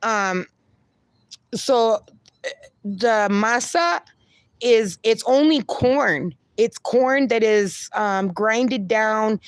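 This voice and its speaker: Female stream host, unhurried and chatty, mixes in Spanish words, close dry sound. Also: fairly high pitch, no room sound. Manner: chatty, reads chat aloud, slips into Spanish words. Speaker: livestream host. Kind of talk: casual live chat reading comments.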